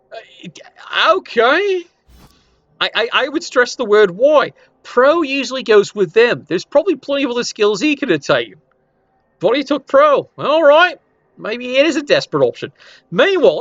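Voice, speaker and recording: A man's voice: very high voice, fairly bright tone, no room sound, dull audio. A man giving casual, wry commentary while reviewing a league, swearing now and then. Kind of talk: casual commentary over screen.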